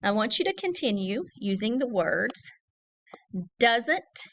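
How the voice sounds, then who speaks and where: A woman teacher giving a recorded early-grade reading lesson, saying each word slowly and clearly and repeating it for young children. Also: mid-range voice, sing-song, fairly bright tone.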